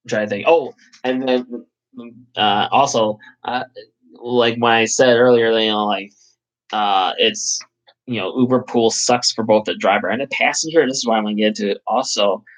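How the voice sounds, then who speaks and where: A man's voice: fairly low pitch, normal speed, low-quality recording. A man hosting a casual live chat, rambling and swearing, with lots of fillers. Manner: rambling, profane, full of fillers. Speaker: channel host.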